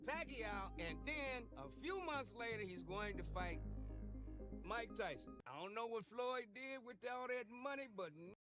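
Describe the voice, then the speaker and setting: Animated, profane man reacting live. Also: very high voice, unhurried, music in the background. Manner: animated, profane, jokey asides. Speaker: live stream reaction host. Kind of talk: casual reaction commentary.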